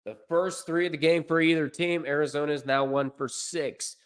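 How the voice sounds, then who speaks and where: A man doing amateur play-by-play commentary on a livestream, unpolished and correcting himself, with deadpan asides. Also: a little high, moderate pace, clean tone.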